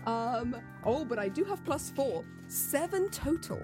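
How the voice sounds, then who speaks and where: High, lively woman player, music behind. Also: unhurried. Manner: playful, giggly, animated. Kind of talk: casual tabletop game chat.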